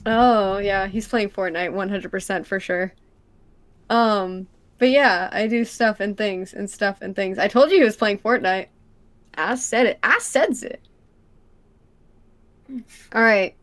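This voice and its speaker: A woman's voice: medium pitch, unhurried, long pauses. Giggly, self-mocking woman streamer. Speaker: guest streamer. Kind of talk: casual livestream chat.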